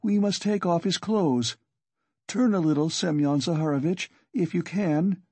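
A man's voice: medium pitch, big pitch swings, slow pace, no echo. A man voicing a distraught middle-aged mother who cries out in despair and snaps irritably.

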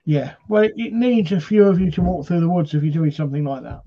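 A man's voice: on the high side, fast talker, dull audio. A man from Britain hosting a paranormal chat show, telling stories in a rambling, casual way with lots of fillers.

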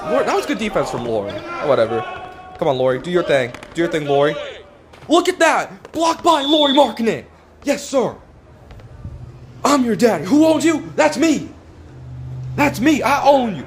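Young male gamer, lively hype commentary, noisy home recording. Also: on the high side. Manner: hyped trash talk at the game. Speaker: gaming YouTuber. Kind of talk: casual gameplay commentary.

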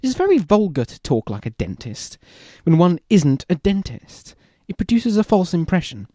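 A man reading aloud as an earnest young gentleman suitor in a classic comedy, in a theatrical manner. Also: high voice, wildly swooping pitch, normal speed, dry recording, clean studio sound, voice pushed up, full character voice. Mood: indignant.

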